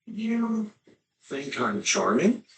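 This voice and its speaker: An actor voicing a humble, devoted young male knight in a video game, earnest and quick to get choked up. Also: high voice, big pitch swings, exaggerated voice. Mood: gentle.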